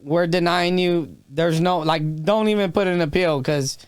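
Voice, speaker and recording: A man with a smooth, resonant voice pitched a little above the usual, recorded dry and close. He tells his story candidly and with feeling, swears freely, and often restarts his sentences. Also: unhurried, dry recording. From Texas. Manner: raw and emotional, swears freely, frequent restarts. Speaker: podcast guest, comedian.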